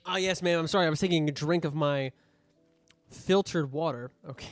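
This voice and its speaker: A man's voice: fairly high pitch, moderate pace. A young man casually commenting while streaming a game, joking and mock-scolding the customers, with faint music behind him.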